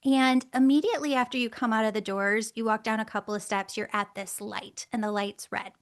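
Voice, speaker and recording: A middle-aged woman, a guest on the show, telling a personal story in a lively way, laughing often and acting out the voices she quotes. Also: on the high side, a little fast. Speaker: guest, angel communicator.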